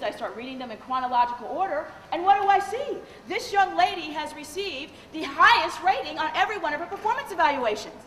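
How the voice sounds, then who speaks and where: A woman with a high, very lively voice leading a corporate training session, teasing and quizzing her audience. She is recorded in a large, echoey event hall with a long reverb. Faint background noise sits under the voice. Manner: animated, humorous, quizzes the audience. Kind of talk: live seminar talk.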